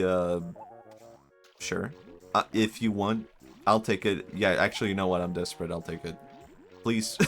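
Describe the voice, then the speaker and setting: A man's voice: fairly low pitch, moderate pace, a bit bright, soft background music. A young man from Sweden, rambling and reacting to chat on a casual live stream, amused at his own jokes.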